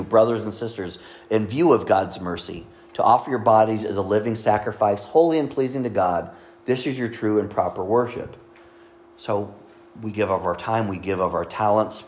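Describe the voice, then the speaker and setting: A middle-aged man preaches a sermon in a low voice, reading scripture and then talking it over in a loose, conversational way. He makes small jokes and speaks straight to the congregation. A faint hum of noise sits under his voice. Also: darkish tone. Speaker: pastor.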